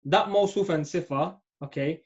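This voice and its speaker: A man's voice: on the high side, normal speed. Patient man teaching grammar class. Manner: patient, checks understanding with "yeah?". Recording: dull lo-fi audio.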